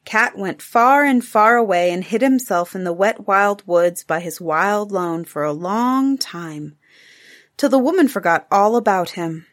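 A woman narrating a classic fable aloud in a measured, rhythmic storytelling manner. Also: mid-range voice.

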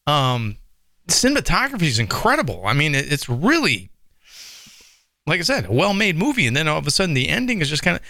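A man in casual chat about a movie, animated and laughing, acting out his reactions and swearing freely. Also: a little high, a little fast, no room sound, studio quality. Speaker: movie discussion co-host.

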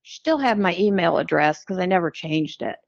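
A woman's voice: lowish voice, lively intonation, a little fast, gravelly, dry recording. A middle-aged American woman tells her own story as a podcast guest, candid and wry. She slips into the voices of the people she quotes. The sound is dry and slightly dull, with no room around her. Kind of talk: telling her life story.

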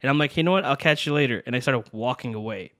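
A young man co-hosting a podcast, telling a personal story in a casual, animated way and acting out what people said. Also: mid-range voice, fast, no echo, clean studio sound. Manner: animated, acts out quotes with swearing and laughs. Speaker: podcast co-host.

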